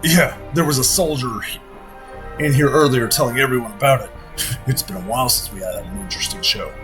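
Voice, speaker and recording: A man's voice: medium pitch, brisk, over music, lightly acted. A man voicing a male tavern patron in a British accent, gossipy and relishing the news.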